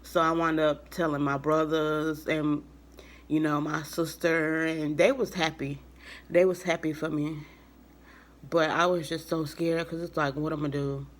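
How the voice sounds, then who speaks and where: This young vlogger has a low voice and flat delivery, moving a little slowly as she rambles casually through a personal story. Fillers are everywhere, and she often mimics people with "I was like."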